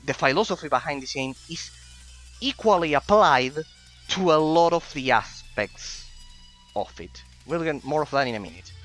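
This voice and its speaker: A man's voice: medium pitch, pushed and bright, rough recording. Analytical gamer man. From Italy. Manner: musing, analytical, with many fillers. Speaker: gaming streamer. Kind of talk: let's-play commentary.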